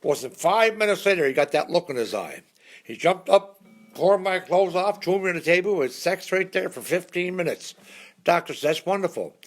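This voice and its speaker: A man's voice: sits high, lively intonation, normal speed, soft background music. Folksy joke-telling man, lilt. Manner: folksy storyteller, laughs at his own punchlines. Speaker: entertainer telling jokes. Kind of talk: casual live-stream joke telling.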